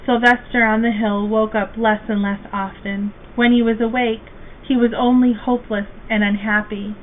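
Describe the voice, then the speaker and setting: A woman reading a children's storybook aloud as a guest reader, slow, gentle and expressive. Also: on the high side. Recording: tinny phone-like, faint hiss.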